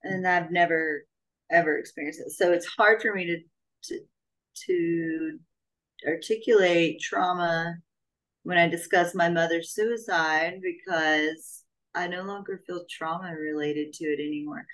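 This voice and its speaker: A woman's voice: fairly low pitch, measured pace, a bit bright, rough recording. A woman hosting a podcast, speaking in a thoughtful, hesitant way and starting her thoughts with "um". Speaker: podcast host. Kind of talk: reflective podcast conversation.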